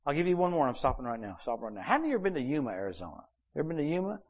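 A man preaching in a church service, with a somewhat high speaking voice. He tells personal stories in an animated way, acting out what people said, and his loudness jumps without warning. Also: very fast, lo-fi sound. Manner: animated storyteller who acts out quoted dialogue with sudden shifts in loudness. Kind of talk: sermon storytelling.

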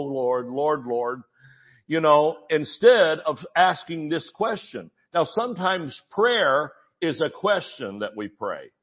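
Man, pastor, sermon, somewhat high voice, dull lo-fi sound. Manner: animated storytelling, mimics voices in quotes.

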